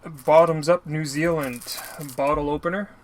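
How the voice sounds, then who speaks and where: A man's voice: fairly high pitch, fairly even intonation, normal speed, slight background noise. A man casually narrating an unboxing of mail he received, rambling and apologizing often. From Canada. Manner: rambling, apologetic, lots of filler. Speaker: YouTuber opening mail.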